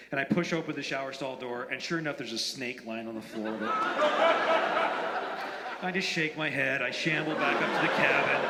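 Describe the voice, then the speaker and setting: A man in his forties, an author telling anecdotes at a bookstore event, in a rambling, halting way full of fillers and restarts. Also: medium pitch, sharp tone. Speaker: author at a reading. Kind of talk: live anecdotal storytelling. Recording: roomy, reverberant hall.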